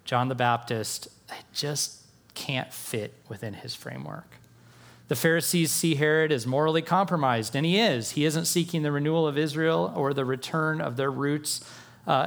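Male pastor, pitched a bit high, earnest sermon delivery with hushed emphasis and lifted questions. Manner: earnest, shifts between quiet emphasis and raised rhetorical questions.

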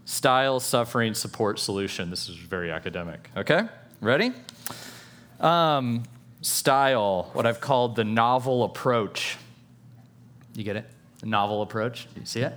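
A male preacher delivering a sermon at a middle pitch, loose and chatty. He drops self-aware jokes and checks in with the congregation as he goes. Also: moderate pace, fairly bright tone. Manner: playful, self-aware humor, conversational asides. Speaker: pastor.

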